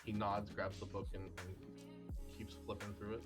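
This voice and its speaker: A man narrating a tabletop game as game master, relaxed and halting with many fillers. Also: on the low side. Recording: stream with background music.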